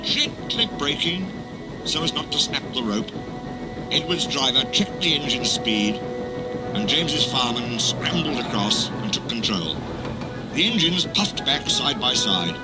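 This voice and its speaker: A man reading a children's railway story aloud as narrator, with expressive, animated storytelling. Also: medium pitch, measured pace, rough recording. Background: music.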